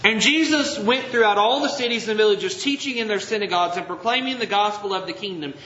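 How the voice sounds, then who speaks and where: A man preaching a sermon to his congregation, reading scripture aloud with emphatic, drawn-out phrases and putting direct questions to the listeners. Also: high-pitched, pushed and bright, reverberant, highs cut off, slight background noise. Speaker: pastor. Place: church sanctuary.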